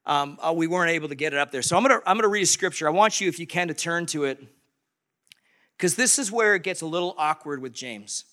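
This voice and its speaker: A man preaching a sermon as pastor, animated and conversational, acting out quoted voices. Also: on the high side, fast talker.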